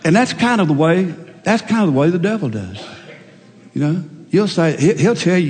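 A middle-aged male preacher giving a folksy, animated sermon full of stories. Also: high-pitched, normal speed, in a large hall.

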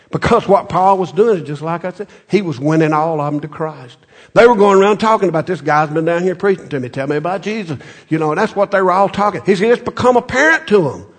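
A man preaching a folksy sermon, telling stories with many restarts and building to loud, emphatic peaks. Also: a little high. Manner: folksy storytelling, repeats words, rises to loud emphatic peaks.

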